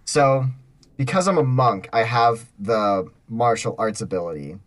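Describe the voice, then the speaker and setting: A man's voice: mid-range voice, a little slow. A man playing a tabletop role-playing game, talking casually and thinking aloud with fillers. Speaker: player.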